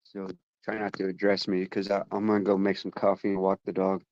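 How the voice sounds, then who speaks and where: A man joins a panel call and speaks bluntly. His voice sits a bit low. The line is dull and dry, with a lo-fi sound. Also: completely flat delivery, a little fast, darkish tone, dry recording.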